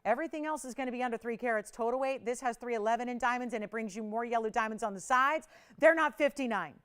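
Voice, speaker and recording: Smooth-voiced woman hosting a live sales pitch. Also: quick pace, a bit bright. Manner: urgent, pushy countdown pitching; chatty and confiding. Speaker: shopping channel host.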